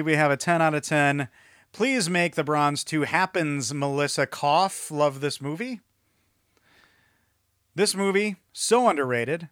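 A man co-hosting a casual podcast, reading reviews aloud in a teasing, mocking way. His voice sits a little high, and the sound is dry and close, with no room in it. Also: a bit bright, clear, resonant tone, no room sound. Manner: mocking, breaks into laughter mid-read. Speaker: podcast co-host.

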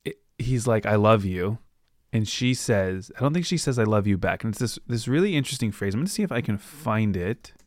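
Low-voiced man casually recapping a book. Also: expressive, a little fast, few pauses, darkish tone, no room sound, studio quality. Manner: rambling, retells scenes with loose quoted asides. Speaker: podcast host. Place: at home with his dog.

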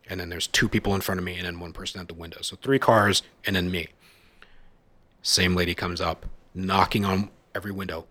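Low-voiced guy swearing his way through a story on a podcast, does the voices of people yelling. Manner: profane, animated storyteller, mimics shouting people. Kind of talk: casual storytelling chat.

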